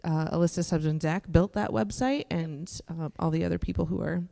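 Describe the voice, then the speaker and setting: A woman's voice: lowish voice, a little fast, vocal fry, mellow. A woman hosting an on-stage interview at a church service, affirming her guest and adding dry sarcastic asides. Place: church sanctuary. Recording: long hall reverb.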